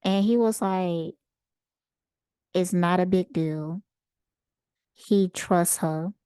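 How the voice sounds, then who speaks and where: A woman host casually telling a personal story in an unhurried, animated way. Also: fairly low pitch, clear, resonant tone, no room sound, studio quality. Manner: unhurried, conversational, animated retelling. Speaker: channel host.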